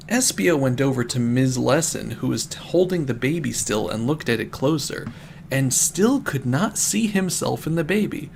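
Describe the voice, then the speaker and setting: A man with a gravelly, mid-pitched voice reads a story aloud on a live stream. He keeps breaking off to make amused comments and laugh at the text. A faint hiss sits behind him. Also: lively intonation, moderate pace, a little mellow. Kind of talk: comedic dramatic reading with asides.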